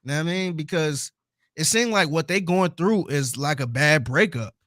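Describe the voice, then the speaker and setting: A man's voice: on the high side, lively intonation, normal speed, a bit bright, no room sound, studio quality. A man co-hosting a podcast in casual chat, telling his view animatedly with laughs between points. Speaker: podcast co-host.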